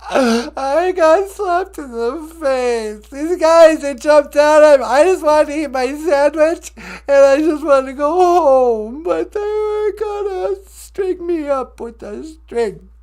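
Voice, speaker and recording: A man's voice: very high voice, slow pace, a little mellow. A man voicing a self-pitying adult male caller who whines and sobs through a comedy call-in sketch. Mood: whining. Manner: whining, sobbing protests.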